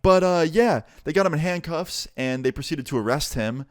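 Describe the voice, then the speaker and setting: Young man telling a storytime, smooth and dry. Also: fairly high pitch, normal speed, dry recording. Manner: casual and animated, swears freely. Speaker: vlogger. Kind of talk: storytime vlog.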